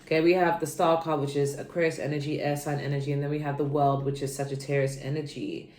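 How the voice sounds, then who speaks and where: A woman's voice: deep voice, little pitch movement, fast, a little mellow. A young woman giving a casual, chatty tarot reading to her viewers, rambling and checking in with "okay" often. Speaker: tarot reader. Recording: roomy echo.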